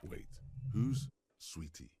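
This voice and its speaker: An actor voicing a wry male inner narrator for a video game, with a very deep, gravelly and husky voice. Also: slow pace, mellow, close to an everyday voice. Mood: sly. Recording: faint music underneath. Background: faint game music.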